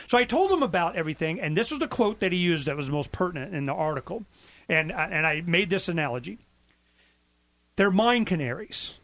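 A man's voice: expressive, fast talker, fairly bright tone. A man hosting a talk radio show, telling stories and acting out quotes. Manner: storytelling, acts out quotes with big pitch swings. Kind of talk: animated talk radio monologue.

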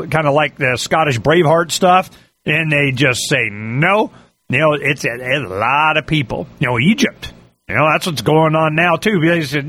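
Animated man rambling, bright edgy voice. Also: fairly high pitch. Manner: animated, repetitive fillers, mimics yelling. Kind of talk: rambling political monologue.

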